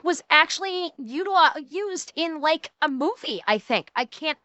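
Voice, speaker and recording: Woman streamer with a high, bright voice and a dry, close sound; emphatic, ranting, swears freely. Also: animated, no echo, dull audio. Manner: quick shifts between mocking and serious. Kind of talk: casual reaction stream commentary.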